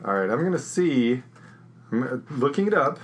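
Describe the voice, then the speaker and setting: A man's voice: medium pitch, moderate pace, a little hiss or hum. A man co-hosting a casual movie chat, joking and reading bits of articles aloud. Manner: animated, reads articles aloud, jokey. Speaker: podcast co-host.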